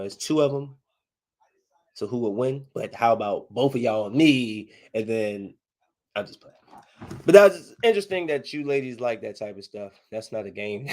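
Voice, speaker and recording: A man hosting a casual solo podcast, telling stories in a slangy, joking way, swinging from loud outbursts to low muttering and laughing often. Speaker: podcast host.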